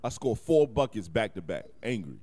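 A man's voice: on the low side, moderate pace. A man co-hosting a podcast, telling stories in casual slang with lots of laughing and profanity. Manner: animated storytelling, profane slang, frequent laughs. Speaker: podcast co-host. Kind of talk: casual chat.

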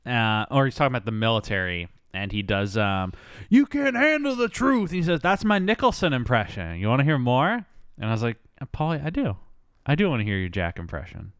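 A young man in his twenties co-hosting a casual movie podcast, chatty and quick with asides. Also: fairly low pitch, very animated, fairly bright tone, clean tone, no echo, studio quality. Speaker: podcast co-host.

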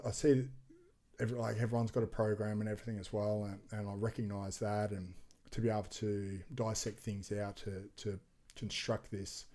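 Man, casual storyteller, lively delivery, swears freely. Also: fairly low pitch. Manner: animated, acts out quoted voices, swears freely. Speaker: podcast guest, extreme sports athlete.

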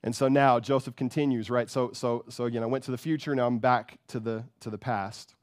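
Here the preacher's voice is medium-pitched and darkish, fairly quick, with fairly even intonation. He preaches with fervor, repeats words, and keeps asking "right?", in a dry, studio-quality recording.

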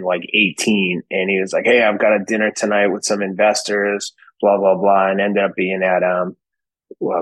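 A middle-aged man with a Boston accent, a podcast guest telling animated, profane anecdotes in casual talk. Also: deep voice, dry recording, poor audio. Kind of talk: casual storytelling.

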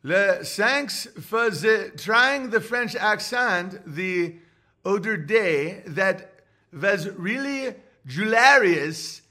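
A teasing mock French reader, as a man puts him on, lifted high above his normal voice and loud. The delivery is drawn-out and exaggerated for fun. It sounds bright and forceful throughout. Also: lively intonation, exaggerated voice. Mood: playful.

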